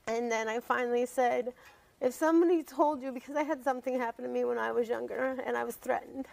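A woman's voice: a little high, steady tone, fast, vocal fry, a little mellow, rough recording. A woman appearing as a guest on a talk show, telling her story emotionally and rambling, repeating herself.

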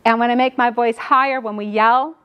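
A middle-aged woman gives a classroom lecture on caregiving. Her voice sits a little high for a woman. She talks quickly and keeps tagging her points with "right?" to pull the room along. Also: steady tone, a bit bright, clean tone. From New York. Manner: fast-talking, frequent "right?" checks with the audience. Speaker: lecturer on dementia care.

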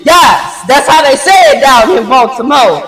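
A woman giving a tarot reading in a sassy, emphatic way, full of profanity and drawn-out words. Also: high voice, lively intonation, a bit bright. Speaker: tarot reader. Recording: echoey room with long reverb.

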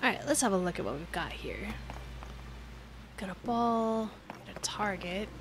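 An American woman chatting casually as she plays a game on a live stream, self-deprecating and quick to giggle. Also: medium pitch, lively intonation, background noise. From United States. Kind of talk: casual gameplay commentary.

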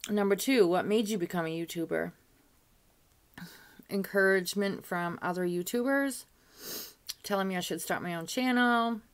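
A woman's voice: medium pitch, normal speed, pauses often, smooth. Chatty older woman vlogging. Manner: chatty and rambling, with frequent "you know" asides and light laughs. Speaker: beauty vlogger. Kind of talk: casual chat to camera.

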